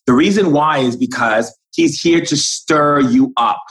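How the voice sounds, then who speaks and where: A man's voice: medium pitch, unhurried, fairly bright tone, low-quality recording. A man speaking as a spiritual guide in an impassioned, preachy way, acting out quoted conversations.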